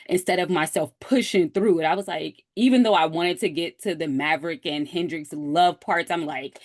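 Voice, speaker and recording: Deep-voiced woman, dry close sound. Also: moderate pace, few pauses, no echo. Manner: open and personal, lively retelling. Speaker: book club member. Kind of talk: casual book club discussion.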